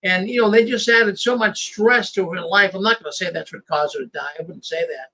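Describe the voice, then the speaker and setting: A man's voice: high voice, fairly quick, sharp tone, poor audio. A man, the host, talking in a casual conversation, emphatic and often repeating his first words.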